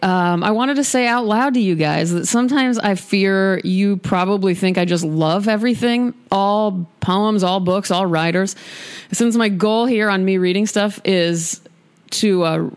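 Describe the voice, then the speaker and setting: In her studio, a woman podcast host talks candidly and emphatically between poetry readings, often poking fun at herself. Her voice sits in the mid-range with a clean tone.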